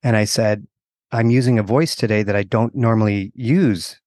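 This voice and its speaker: Low-voiced man telling a classroom story. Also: moderate pace, dry recording. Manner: warm, earnest storyteller with frequent restarts. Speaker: PE teacher and instructional coach. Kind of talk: casual conversational storytelling.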